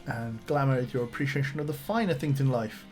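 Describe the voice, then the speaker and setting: A man's voice: medium pitch, a little fast, darkish tone, soft background music. A man streaming a video game, reading the on-screen text aloud and adding casual asides. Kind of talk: casual game let's-play commentary.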